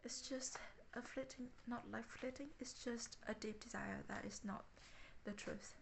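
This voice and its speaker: Give me a woman with a slightly high voice talking slowly and haltingly in a diary vlog. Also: fairly even intonation, gravelly, background noise. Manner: slow, halting, searching for words. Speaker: vlogger. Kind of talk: emotional personal diary vlog.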